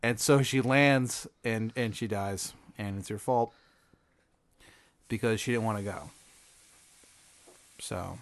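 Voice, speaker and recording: A man improvising an absurd hypothetical story, rambling and deadpan, acting out side characters in quick asides. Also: lowish voice. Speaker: podcast host posing a hypothetical.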